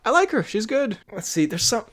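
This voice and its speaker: Rambling young man, slightly high voice. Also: sing-song, crowd noise. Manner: rambling, filler-heavy, quick to laugh. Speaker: podcast co-host. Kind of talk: casual chat.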